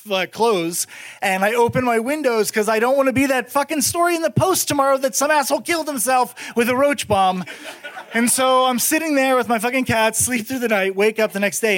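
A man doing stand-up, telling a long story to a live audience in a profane, excitable way that swings from muttered asides to shouted bursts. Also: very high voice, a little hiss or hum. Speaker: stand-up comedian.

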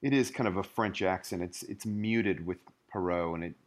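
A man co-hosts a casual book club podcast and speaks in a low voice. He is wry and thoughtful. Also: normal speed.

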